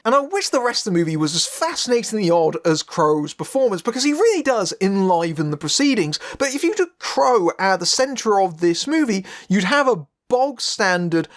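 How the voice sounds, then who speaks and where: A man narrating a scripted film review in a sardonic, wry way. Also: sits high.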